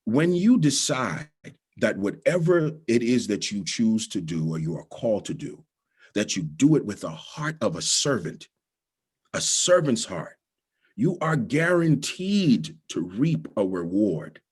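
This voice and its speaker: A man's voice: on the low side, very animated, measured pace, husky. A middle-aged man from the Bahamas with a Bahamian accent, giving a motivational storytelling talk as guest speaker and repeating key lines for emphasis.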